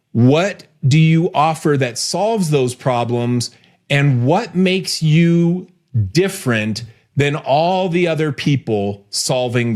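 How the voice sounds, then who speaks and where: A man hosting a casual podcast chat, playful and animated, often laughing. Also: mid-range voice. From United States. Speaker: podcast host.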